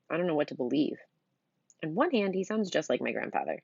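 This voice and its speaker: Low, husky middle-aged woman reading aloud. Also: very animated, fast talker, a little mellow, no room sound, highs cut off. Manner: chatty, punny asides to listeners. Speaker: storybook reader. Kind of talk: reading a children's novel aloud.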